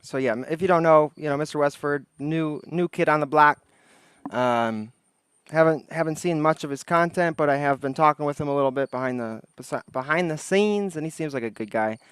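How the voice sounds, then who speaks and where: A man's voice: on the high side, brisk, a bit bright, clear, resonant tone, dry recording, clean studio sound. A man hosting a casual livestream outdoors, chatting with viewers and thinking aloud. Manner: rambling, greets chat, thinks aloud. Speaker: livestream host. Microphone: desk microphone.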